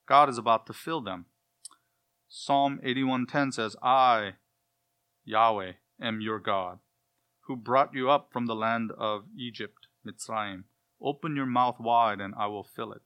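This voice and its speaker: A man delivers a sermon in a bright, forward voice. He teaches patiently through scripture and pushes his pitch up hard whenever he stresses a point. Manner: emphatic, rises and falls sharply on key words. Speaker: preacher. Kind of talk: expository sermon.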